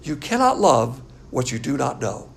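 A man's voice: medium pitch, normal speed, gravelly, a little hiss or hum. An older man teaching a Bible class as a pastor, blunt and scornful in manner. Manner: blunt, scornful, animated lecturing.

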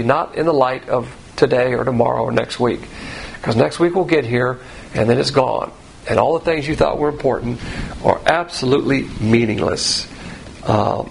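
Gravelly-voiced man teaching a sermon. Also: mid-range voice, animated, normal speed, a little hiss or hum, low-quality recording. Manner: emphatic, rising sharply on key points; plain conversational teaching with fillers. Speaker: Bible teacher. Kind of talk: expository sermon.

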